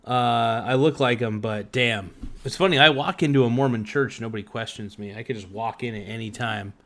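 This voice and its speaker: Speaking at normal speed, a man with a mid-range, fairly bright voice runs a livestream podcast. He eats while reading his live chat aloud, chatting in a rambling, profane way with lots of fillers.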